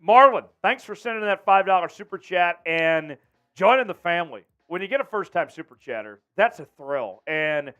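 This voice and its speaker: A man's voice: high-pitched, lively intonation, moderate pace, dull audio. A man hosting a casual sports talk livestream, upbeat, reading out viewer messages and chatting with his co-host. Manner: upbeat, reads viewer messages and shouts chants. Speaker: show host.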